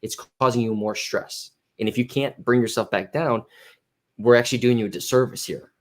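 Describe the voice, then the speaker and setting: A man's voice: medium pitch, steady tone, fairly quick. A man, a personal trainer, talking in a casual podcast chat, rambling and acting out what his clients say. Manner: rambling, restarts often, acts out quoted clients.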